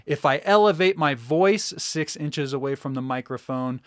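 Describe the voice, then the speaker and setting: A man's voice: on the high side, normal speed, no echo, clean studio sound. Casual man reviewing a microphone. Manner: relaxed, conversational, explaining step by step. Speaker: tech reviewer.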